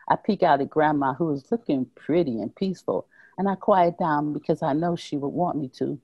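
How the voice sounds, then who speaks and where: A woman author reading her own short story aloud at a library talk, slow and measured. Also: sits low, mellow, slightly rough, dry recording, muffled recording.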